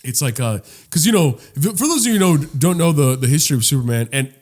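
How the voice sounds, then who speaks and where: A young man co-hosting a casual podcast, talking animatedly and restarting his sentences as he gets worked up. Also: fast talker. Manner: animated, rising pitch when worked up, trailing restarts. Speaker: podcast co-host.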